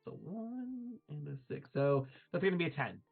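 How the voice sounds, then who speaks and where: A man's voice: fairly high pitch, very animated, normal speed, creaky, slightly rough, soft background music. A man playing a tabletop role-playing game, flirty and playful in character. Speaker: player. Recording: tinny phone-like stream audio.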